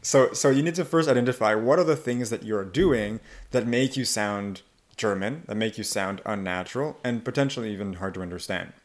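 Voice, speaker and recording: A man with a fairly low voice talks through accent coaching in a relaxed podcast chat. He explains things step by step and now and then demonstrates how a word is pronounced. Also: brisk. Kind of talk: casual podcast conversation.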